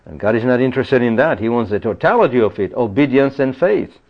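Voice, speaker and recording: A man's voice: medium pitch, lively intonation, fast. A man preaching a Bible-study sermon in an earnest, explaining manner, often adding "you see" and "you know.". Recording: dull lo-fi recording.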